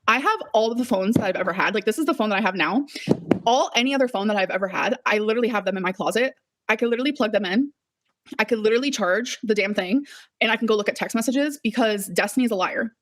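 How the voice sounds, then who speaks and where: Fast-talking upset woman vlogger. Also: medium pitch, a bit bright. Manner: heated, swearing, repetitive. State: shaky and upset. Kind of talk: emotional live-stream rant.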